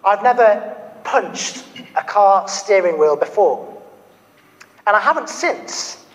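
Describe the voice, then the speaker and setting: Preacher guy, pretty high voice, earnest, asks the room lots of questions, long hall echo. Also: lively intonation, takes it slowly. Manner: earnest, questioning the listeners directly. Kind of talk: sermon. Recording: reverberant hall.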